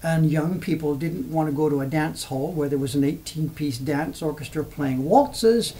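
In poor audio with a bit of hiss or hum, a man from England in his seventies chats on a livestream, wandering through old memories and answering viewers. He speaks at a moderate pace in a fairly high, mellow voice.

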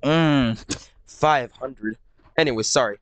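In a dry recording, a streamer speaks slowly at medium pitch while chatting with viewers and reading out their messages. They ramble, giggle and laugh often, swear, and slip into silly voices now and then.

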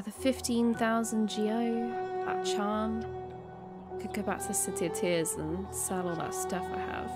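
A young woman, chatting casually while she plays a video game, giggly and quick to swear when excited. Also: on the high side. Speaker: gaming video creator. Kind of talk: casual let's-play commentary.

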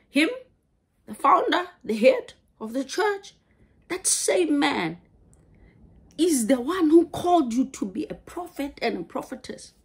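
A woman preaching a sermon, halting and repeating words as she goes. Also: high voice.

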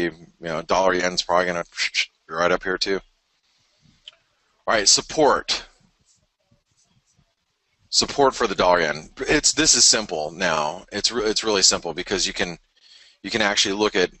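Early in the morning, a yawning, weary trading show host talks loosely through market charts, stumbling into restarts and fillers. His voice sits low with a sharp tone. The live chart analysis comes through a dry, low-quality recording.

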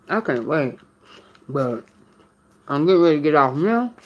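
A woman's voice: low-pitched, expressive, normal speed, pauses often, highs cut off. A woman vlogging in a casual live stream while eating, chatting straight to her viewers.

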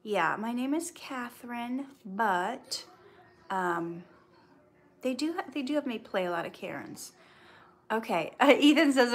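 A woman with a slightly high voice and lively intonation speaks unhurriedly during a casual livestream Q&A. She is an actress who reads her viewers' comments aloud and answers each one in a friendly, chatty way, offering earnest faith-based advice mixed with light humor.

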